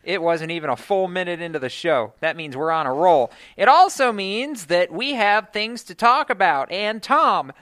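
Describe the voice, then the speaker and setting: A man's voice: sits high, animated, normal speed, hardly any pauses, a bit bright, dry recording, clean studio sound. Joking male sports radio host. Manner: playful, joking banter. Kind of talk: casual sports radio chat. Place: radio studio.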